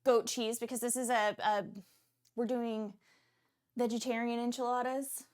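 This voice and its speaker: Chatty woman cooking on a livestream. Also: unhurried. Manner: animated, chatty, frequent pitch jumps and excited outbursts. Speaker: cooking stream host. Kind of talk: casual cooking livestream chat.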